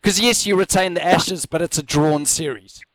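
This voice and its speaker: A man co-hosting a casual sports chat, speaking in a relaxed way and thinking aloud with plenty of fillers. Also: fairly high pitch, moderate pace, no room sound. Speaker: co-host.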